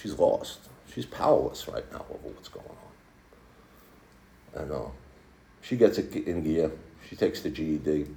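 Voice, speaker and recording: Low-voiced man in his sixties, roomy echo. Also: lively intonation, gravelly, mellow. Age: 60s. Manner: candid storytelling, halting restarts. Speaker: speaker at a recovery meeting. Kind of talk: personal testimony to a group. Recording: echoey room.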